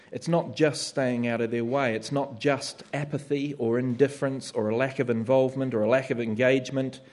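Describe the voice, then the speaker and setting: A man's voice: mid-range voice, a little mellow. A male preacher delivers a sermon. He talks in a conversational way and slips into the voices of his listeners to make a point.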